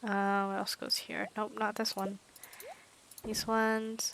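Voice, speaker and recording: A woman in the middle of a relaxed let's-play stream, narrating what she is doing as she goes. Her voice sits at an ordinary pitch, and she breaks in with quick, self-aware side comments. A faint hiss runs under her voice. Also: creaky. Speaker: game streamer.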